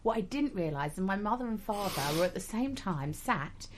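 A woman co-hosting a late-night radio chat, chatty and quick to giggle. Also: mid-range voice, animated, noisy background. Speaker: radio co-host.

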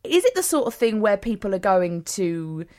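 A middle-aged woman, co-hosting a radio show and telling stories in a chatty, animated way with frequent laughter. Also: medium pitch, normal speed. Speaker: radio co-host. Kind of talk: casual radio chat.

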